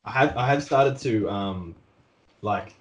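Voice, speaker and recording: A man's voice: lowish voice, slow pace, lo-fi sound, a little hiss or hum. A man, an artist who sells at conventions, chatting casually on a podcast, swearing freely and acting out customers.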